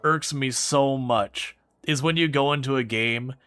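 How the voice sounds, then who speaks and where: A man streaming a game and chatting with viewers in a rambling, animated way, often restarting his sentences. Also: mid-range voice, a little slow, smooth, soft background music. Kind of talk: casual gameplay commentary answering chat.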